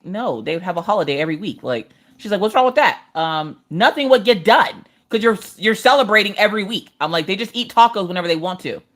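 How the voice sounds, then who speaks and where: A woman chatting casually on a live craft stream, telling animated stories and laughing often. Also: mid-range voice, fast talker, hardly any pauses. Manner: animated storytelling, laughs often, acts out quotes.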